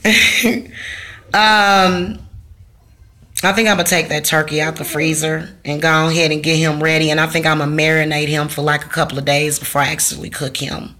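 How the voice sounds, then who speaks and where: A deep, sharp-toned female voice stays level at normal speed as the vlogger addresses her audience. Casual and blunt, she swears, uses slang and goes off on rants.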